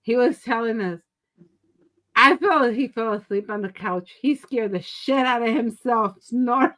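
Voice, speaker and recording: A woman in casual chat, telling stories in an animated way as a co-host on an online stream. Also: a little high, measured pace. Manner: animated storyteller. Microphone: online stream call.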